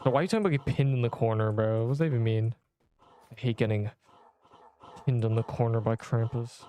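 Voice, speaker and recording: A man's voice: mid-range voice, fast talker, warm tone, slight background noise. A man in his twenties streaming a game, chatting casually with viewers in a rambling, offhand, slangy way. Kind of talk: casual livestream chat answering viewers.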